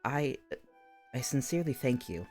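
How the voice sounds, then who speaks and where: A man voicing a frightened young woman in distress, soft and timid. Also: mid-range voice, big pitch swings, moderate pace, soft background music, natural voice. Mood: fearful.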